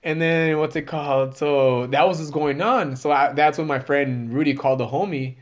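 A man's voice: fairly high pitch, fairly even intonation, moderate pace. A man in his thirties, a comedian guest telling a story in casual chat, profane and rambling with many fillers.

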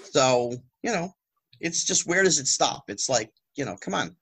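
Animated husky-voiced man on a podcast. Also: a little high, moderate pace. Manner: animated, rhetorical, exasperated asides. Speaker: guest, former child actor. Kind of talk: casual podcast conversation.

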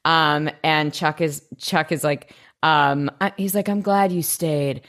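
A woman co-hosting a podcast, chatting casually about a TV episode in an animated, swearing, quick-burst way. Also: deep voice. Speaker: podcast co-host. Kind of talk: casual chat recapping a TV episode.

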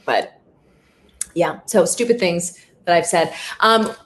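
A young adult woman hosting a podcast in casual chat, telling stories in an animated, self-deprecating way. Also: lowish voice, takes it slowly. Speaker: podcast host.

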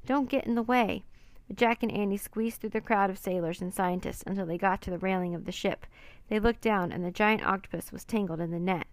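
A woman reads a storybook aloud in steady narration. Her voice has a gravelly fry, and the sound is dry and close with no room around it. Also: medium pitch, fairly quick, dry recording. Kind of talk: storybook reading.

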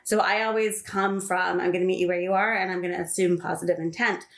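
A woman chatting casually about a book and parenting, animated and quick to laugh. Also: on the low side. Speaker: podcast guest. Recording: roomy echo.

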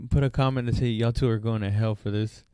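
A man's voice: lowish voice, steady tone, fast, mellow, smooth, no echo. A man co-hosting a casual podcast from a bedroom, joking, swearing and laughing often. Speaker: podcast co-host. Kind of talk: casual chat.

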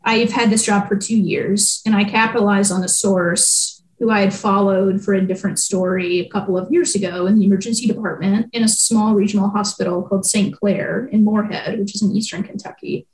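A woman's voice: mid-range voice, steady tone, brisk, hardly any pauses. A young adult woman, a newspaper reporter, answering interview questions in a reflective way with frequent ums and likes. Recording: echoey room.

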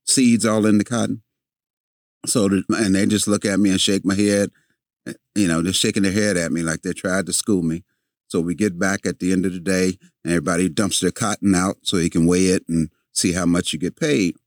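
A man guesting in a conversation, telling a story in an animated way, repeating words as he goes and acting out the lines of the people in it. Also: low-pitched, fairly quick, dry recording, clean studio sound. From a city, with family in the American South.

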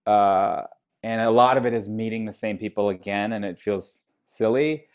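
A man chatting casually as a podcast co-host, holding the mic right up to his mouth. He talks in halting bits, restarting and correcting himself as he goes, and slips in small laughs. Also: lowish voice, smooth. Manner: halting, self-correcting, giggly. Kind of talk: casual group chat. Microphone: handheld mic held to mouth.

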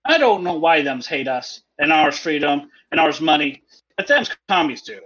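Man putting on a high, childlike simpleton reading a diary, broken grammar, over a dull lo-fi call. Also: lively intonation, normal speed, fairly bright tone. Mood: gleeful. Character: simple-minded, childlike character writing a diary. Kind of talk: reading an in-character diary entry.

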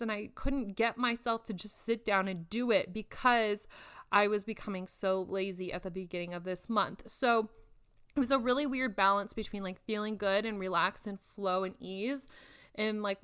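A woman's voice: on the high side, a bit bright, clear, resonant tone. A young woman in her twenties talking to her viewers in a casual, reflective way, with lots of "like" fillers. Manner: chatty, reflective, frequent "like" fillers. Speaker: vlogger. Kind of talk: casual personal talk to camera.

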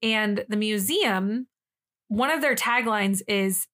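A woman's voice: mid-range voice, slow pace, fairly bright tone. A young woman co-hosting a podcast, telling a funny story in casual chat, acting out quotes and swearing now and then. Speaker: podcast co-host.

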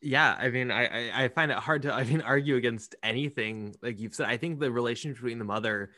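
Male film host, low pitch with a forceful bright tone, dry close recording. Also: quick pace, no echo. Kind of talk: casual film discussion.

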